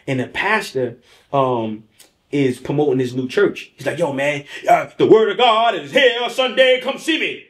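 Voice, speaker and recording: A man guest telling a story on a talk show, animated and profane, who keeps checking in with "right?". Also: on the high side.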